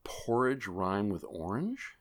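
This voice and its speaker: A man hosting a comedic gaming podcast, joking theatrically and swinging between loud declarations and quiet asides. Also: lowish voice, very animated, slow. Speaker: podcast host.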